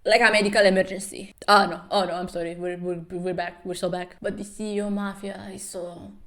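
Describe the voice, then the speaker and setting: A woman's voice: medium pitch, little pitch movement, brisk, a bit bright. A young woman recapping a webtoon as comedy commentary, sarcastic and profane, with mocking asides and over-the-top dramatic readings.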